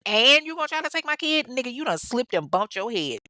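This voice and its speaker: A woman's voice: fairly high pitch, sing-song, normal speed, a bit bright, no echo, studio quality. A woman voicing an indignant, furious wife who cusses freely and refuses to give up her child. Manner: indignant, profane, sassy.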